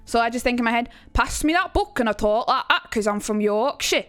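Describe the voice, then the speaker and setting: A young woman talks through a casual livestream lesson, quick to poke fun at herself and swear. Her voice sits high, and soft music plays faintly behind her. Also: steady tone, clean tone, no room sound. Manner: chatty and self-mocking, swears freely. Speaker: streamer teaching accents.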